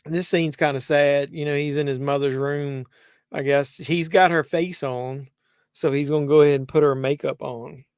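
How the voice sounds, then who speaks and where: Brief: male streamer, slightly high voice, casual rambling commentary, dry close sound. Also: steady tone, normal speed, a little mellow, smooth, no echo. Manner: rambling, conversational, many fillers and restarts. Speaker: host. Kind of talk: casual live watch-along commentary.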